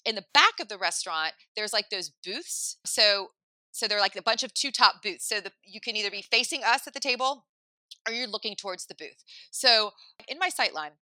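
A woman in her thirties telling a long story in casual chat, full of "like" and animated asides. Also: medium pitch, moderate pace, no room sound. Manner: chatty, lots of "like", animated asides. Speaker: podcast host telling a story.

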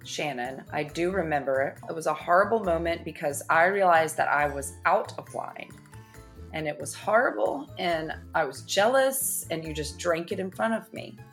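A woman co-host with a very low, gravelly voice. She banters in a mock-dramatic way during a sponsor spot. Faint music plays in the background. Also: normal speed. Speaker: podcast co-host. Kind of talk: scripted ad banter.

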